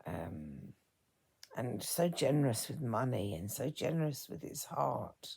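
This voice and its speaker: A woman in her fifties speaking a personal reflection as a vlogger, soft-spoken and halting, her words often trailing into a whisper. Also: very deep voice, sing-song, vocal fry, husky. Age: 50s.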